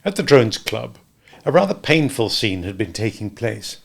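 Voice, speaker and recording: A man's voice: on the low side, moderate pace, creaky. A man narrating a comic novel in a genteel, droll style, giving the hero a suave, grand manner. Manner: genteel, droll, lively character voicing. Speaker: audiobook narrator. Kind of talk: scripted narration.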